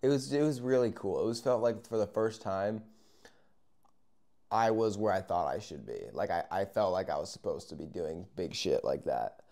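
A young man telling a casual, rambling story, acting out moments with yells and whispers. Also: low-pitched, moderate pace. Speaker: vlogger.

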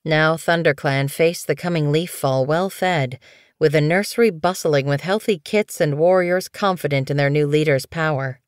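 A woman with a low voice and clean tone narrates an audiobook in scripted, calm, even storytelling. The recording is dry and close, with no room sound.

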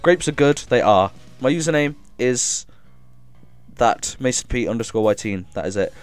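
A man streaming a game live, reading chat aloud and thanking viewers with excitable energy, coughing now and then as if ill. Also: medium pitch, normal speed, soft background music.

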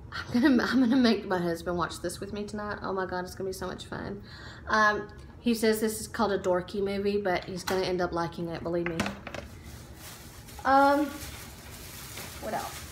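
A woman's voice: fairly high pitch, fairly bright tone, echoey room, a little hiss or hum. A woman chatting casually in a home haul vlog, upbeat, with lots of ums and likes. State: out of breath while standing. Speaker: vlogger. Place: room at home.

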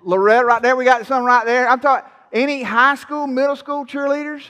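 A man preaching with a high, ringing tone, his bright and forceful delivery carried through a church. He is folksy and playful, teasing his listeners between points. The sound trails off in the long reverb of a big sanctuary. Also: steady tone, a little fast. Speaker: pastor. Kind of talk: sermon.

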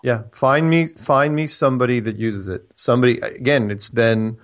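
An emphatic man hosting a call-in talk show. He hammers his points home by repeating them, in a plain mid-pitched voice. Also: normal speed. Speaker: radio show host.

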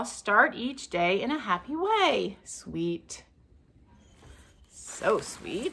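A woman's voice: medium pitch, very animated, takes it slowly, creaky, bright, forceful tone, husky. Gushing woman thrift vlogger. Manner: gushing, exclaims over each item. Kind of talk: casual haul vlog.

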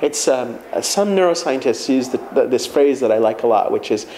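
A man's voice: mid-range voice, normal speed, a little hiss or hum, low-quality recording. A man in conversation, speaking reflectively about feelings and telling personal stories. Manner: reflective, storytelling, animated quoting of himself. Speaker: guest speaker. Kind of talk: conversational talk.

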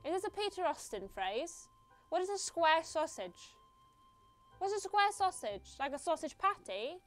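A woman's voice: very high voice, sing-song, measured pace, faint music behind. A young woman streaming a video game, chatting playfully with viewers and laughing at herself.

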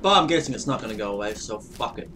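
A man hosting a let's play, cursing and reacting excitably as he plays. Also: lowish voice, fast talker, slight background noise. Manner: profane, excitable running reactions. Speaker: gaming channel host. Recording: distant mic with loud game music. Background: game music.

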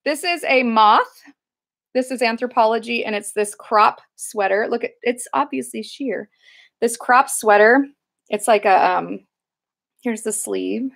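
A woman with a slightly high voice talks through her thrift finds in a casual, rambling way. She circles back on herself with plenty of fillers and restarts. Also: measured pace, vocal fry, a bit bright. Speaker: thrift reseller vlogger. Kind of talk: casual haul video chat.

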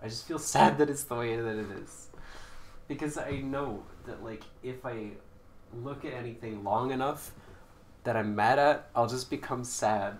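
A young man rambling and joking as he streams a game, now and then breaking into sudden loud outbursts. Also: medium pitch. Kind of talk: casual live-stream commentary. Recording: echoey room with faint noise.

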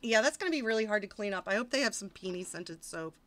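A woman's voice: medium pitch, expressive, quick pace, a bit bright. A woman streamer reading fiction aloud on a casual livestream, breaking off for wisecracking, mock-exasperated asides.

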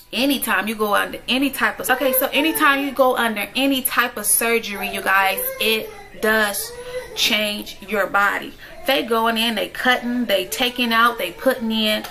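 A woman's voice: mid-range voice, gravelly, rough recording. A woman, a mother, telling a personal story in a direct, emphatic way, often checking in with her viewers. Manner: emphatic, direct, keeps asking "okay?". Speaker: vlogger, stay-at-home mom. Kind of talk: storytime vlog.

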